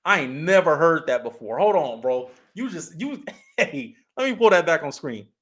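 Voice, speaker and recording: A man's voice: a little high, big pitch swings, moderate pace. A man from California hosting a casual livestream, laid-back, laughing often as he reads chat comments aloud. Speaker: livestream host.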